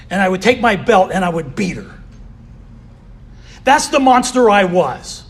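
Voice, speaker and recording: A man's voice: high-pitched, sing-song, a little slow, pauses often, husky. A man giving a candid personal recovery share as a convention speaker, often saying "you know".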